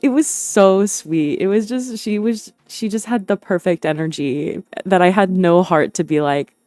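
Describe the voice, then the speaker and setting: Soft-spoken young woman rambling on stream. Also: fairly low pitch, measured pace, no echo, soft background music. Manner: rambling and hesitant, many fillers and restarts, laughs often. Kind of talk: casual livestream chat.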